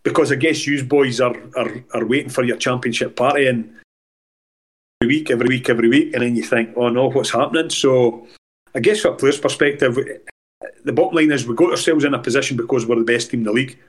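A man with a Scottish accent spins rambling anecdotes as a podcast guest. He jumps between memories and restarts his sentences, keeping the talk animated and casual. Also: medium pitch, quick pace, husky. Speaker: former footballer, guest. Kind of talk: casual storytelling in a podcast interview.

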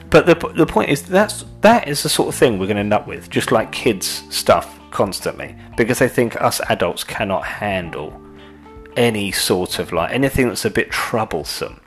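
A man's voice: fairly low pitch, fairly bright tone. A man ranting in a casual monologue, sweary and exasperated, rambling with restarts.

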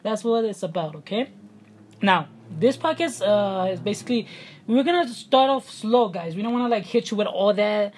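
A woman's voice: medium pitch, animated, normal speed, darkish tone, a little hiss or hum. A young woman from New York with a New York accent, co-hosting a podcast in casual chat, laughing often, swearing freely and calling her listeners guys. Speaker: podcast co-host.

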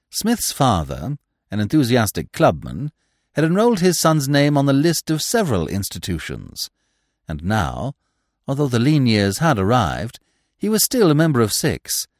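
A man narrating a classic story as an audiobook, with an expressive, wry storytelling delivery. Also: medium pitch, dry recording, studio quality.

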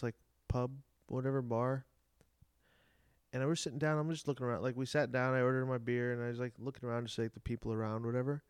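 A man with a mid-pitched, smooth voice tells stories eagerly and keeps the chat light. The sound is close and dry. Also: no echo. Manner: chatty, laughing, eager storyteller. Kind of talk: casual chat.

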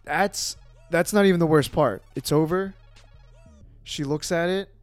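A man, a podcast guest, telling a personal story in casual talk, animated, with lots of fillers and swearing. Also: on the high side, measured pace, no echo, soft background music.

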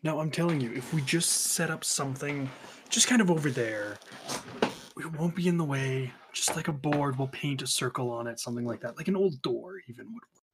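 A man chatting casually at a tabletop roleplaying game, joking and teasing his friends between turns. His voice sits at an everyday middle pitch. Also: brisk, background noise. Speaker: player.

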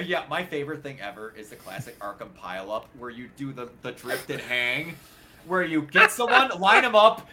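A man chatting casually about video games as a podcast co-host, excitable and quick to act out lines he remembers. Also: high-pitched. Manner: excitable, acts out game dialogue with laughs. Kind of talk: casual gaming chat.

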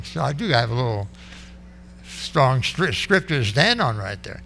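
Bright-toned preaching man. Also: fairly high pitch, very animated, normal speed, creaky, slight background noise. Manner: emphatic preaching with sudden loud bursts. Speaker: pastor. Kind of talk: sermon.

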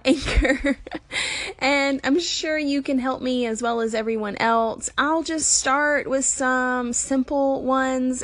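A woman with a Southern American accent chats on a phone call-in, friendly and rambling with lots of fillers. Her voice sits fairly high and sounds dry and close. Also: a bit bright, no echo. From Alabama, US. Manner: chatty, friendly, full of fillers. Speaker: new podcast app user on call-in. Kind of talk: casual call-in chat.

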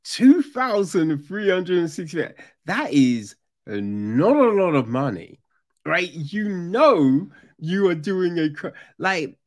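A man giving casual, sarcastic true crime commentary, animated and full of swearing. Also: high-pitched, takes it slowly.

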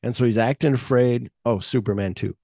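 A male podcast host talking casually at an ordinary middle pitch. He rambles through a story with lots of fillers and acts out quotes in an animated way, in a dry, close recording. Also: fairly quick, gravelly, no echo. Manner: rambling, animated plot retelling with acted-out quotes.

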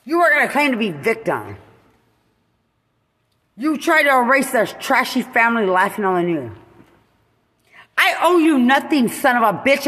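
A woman veteran in an angry, profane rant, repeating accusations and at times breaking into shouts. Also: medium pitch. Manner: furious, swearing, repetitive accusations, shouting at times. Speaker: military veteran. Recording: long echoing reverb.

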